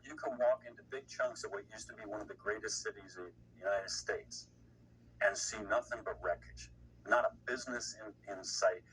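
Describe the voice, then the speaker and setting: A man's voice: lowish voice, a bit bright. A man giving political commentary, blunt and indignant, rambling with restarts. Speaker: guest commentator. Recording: distant mic with faint noise.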